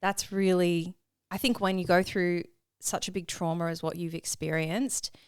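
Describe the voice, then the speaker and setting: A woman hosting a podcast interview, guiding her guest with gentle, measured questions. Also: lowish voice, fairly even intonation, clear, resonant tone, no room sound, studio quality. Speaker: podcast host.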